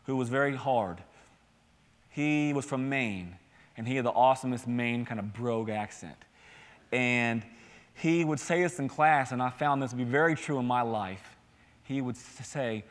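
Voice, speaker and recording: A man's voice: medium pitch, normal speed. A man, a campus pastor, preaching a sermon in an earnest, conversational way with many restarts. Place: church sanctuary. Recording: long hall reverb.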